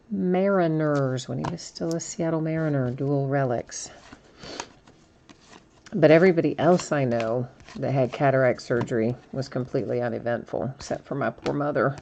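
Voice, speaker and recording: A woman's voice: deep voice, a little mellow, a little hiss or hum. A middle-aged woman hosting a live card break stream, chatting casually with viewers and reading out cards as she goes. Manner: chatty, laughs at herself, reads out cards.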